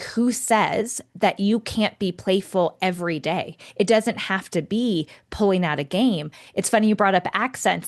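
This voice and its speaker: A young woman co-hosts a life-coaching podcast in a casual chat. Her voice sits at an ordinary middle pitch, and she talks with lively encouragement, laughing easily and urging listeners to act. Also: gravelly. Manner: encouraging, animated, coaching listeners toward small commitments. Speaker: podcast co-host.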